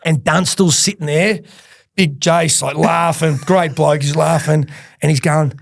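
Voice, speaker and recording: A man's voice: fairly high pitch, fairly even intonation, a little slow, creaky, no echo. A middle-aged Australian man, a podcast guest, telling casual stories with lots of laughing and swearing. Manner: laughing, swears freely, rambling anecdotes. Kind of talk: casual storytelling.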